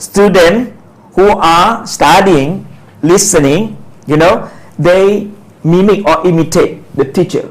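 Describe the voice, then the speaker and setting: Male radio host, gravelly and slightly high, halting delivery with lots of fillers. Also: low-quality recording. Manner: halting, frequent "you know" and "uh" fillers. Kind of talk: call-in radio talk show.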